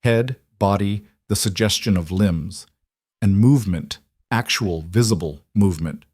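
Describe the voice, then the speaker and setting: A man narrating a scripted story in an even, measured way. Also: on the low side, breathy edge, no room sound, studio quality.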